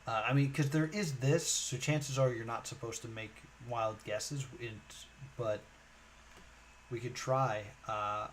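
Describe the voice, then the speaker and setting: A man's voice: medium pitch, steady tone, measured pace, slight background noise, poor audio. A man streaming a puzzle game, thinking aloud in a musing, hesitant way with many fillers.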